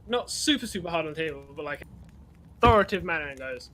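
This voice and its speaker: A man's voice: fairly high pitch, lively intonation, quick pace, noisy background. A man running a tabletop game on a live stream, narrating loosely with lots of fillers. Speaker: game master. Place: home setup, live stream.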